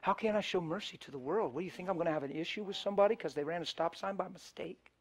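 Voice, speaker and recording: A middle-aged man preaching a sermon, telling stories with loud emphasis and soft hushed passages. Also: sits high, racing, slightly rough. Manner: animated, shifts between loud emphasis and soft hushed storytelling. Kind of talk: sermon with storytelling.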